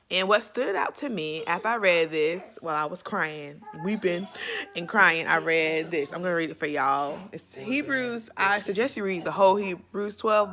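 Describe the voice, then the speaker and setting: A young woman talks candidly in a casual vlog sharing her faith and motherhood, using lots of "like" and "you know." Her voice is fairly low in pitch, with a bright, forceful tone.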